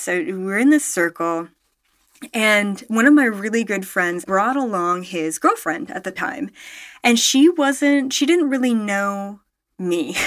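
A spiritual storyteller vlogger tells her viewers a personal story straight to camera, her mid-range voice captured in a dry, studio-quality recording. She rambles and speaks emphatically, full of fillers and self-corrections, swearing now and then and getting animated when excited.

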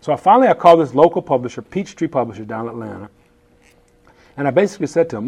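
A man in his fifties, a chef telling stories in a casual interview, animated and laughing as he acts out quotes. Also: mid-range voice, very fast, slightly rough.

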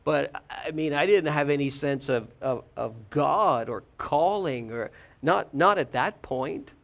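A man preaching a sermon, telling a story in an animated way, repeating words and joking about himself. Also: a little high, a little slow, vocal fry.

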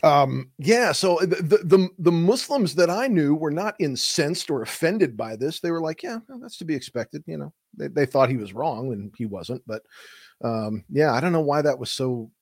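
A man in his thirties, co-hosting a podcast and telling stories in an animated way with frequent restarts. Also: on the high side, moderate pace, husky, dry recording, clean studio sound. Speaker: podcast co-host. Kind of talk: casual conversation.

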